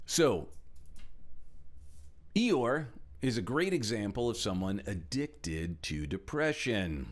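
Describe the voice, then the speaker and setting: A middle-aged man giving a motivational talk as speaker and trainer, animated, swinging between loud emphasis and hushed asides while acting out quoted voices. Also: lowish voice, takes it slowly.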